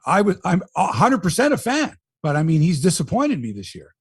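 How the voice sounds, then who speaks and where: A middle-aged man hosting a sports podcast, talking in an animated, profane, ranting way. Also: high voice, fairly quick, breathy edge, no room sound, studio quality. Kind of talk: casual sports talk.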